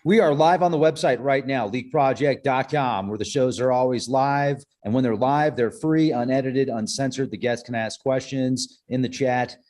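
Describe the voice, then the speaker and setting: Male host of a live show, mid-pitched voice, upbeat, talks to viewers. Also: normal speed, hardly any pauses, a little mellow. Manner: upbeat, joking, addresses viewers directly.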